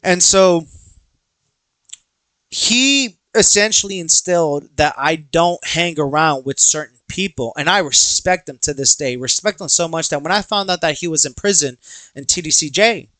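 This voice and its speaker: Animated man telling a story. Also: a little high, normal speed, dry recording. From Texas. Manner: animated, acts out quoted dialogue, swears freely. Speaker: podcast host. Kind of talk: casual storytelling monologue.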